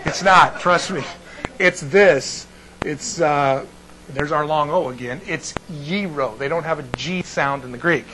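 A man's voice: fairly high pitch, measured pace, background noise. A man teaching a Bible class, digressing and breaking off mid-sentence while checking in with his students.

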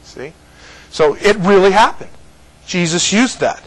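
A man from California teaches scripture to a small group in a loose, joking way, often laughing between points. His voice sits fairly high and swings widely up and down. He keeps it chatty and informal rather than preachy. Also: expressive, a little slow, poor audio. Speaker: Bible teacher.

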